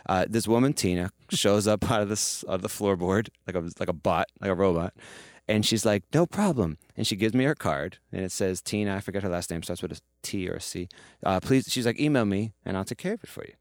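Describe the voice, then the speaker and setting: A man telling a story as a podcast guest, animated and profane, mimicking the voices of the people he quotes. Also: sits low, quick pace, no echo, studio quality. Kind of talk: casual storytelling.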